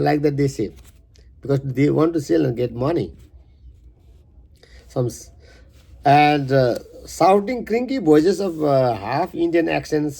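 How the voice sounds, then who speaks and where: A man who is a poet, reading his poem verse by verse and stopping for halting, rambling asides. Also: a little high, animated, vocal fry, mellow, slightly rough.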